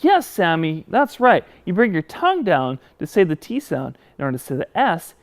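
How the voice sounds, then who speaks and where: Animated man hosting a kids' speech lesson. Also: high-pitched, normal speed. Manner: animated, talks straight to kids at home. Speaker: children's speech teacher and show host. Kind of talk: children's educational show.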